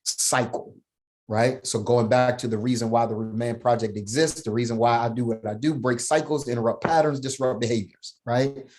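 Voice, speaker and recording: A man's voice: medium pitch, steady tone, normal speed, darkish tone. A middle-aged man telling a personal story as a podcast guest, emphatic, often checking in with "right?" and "man".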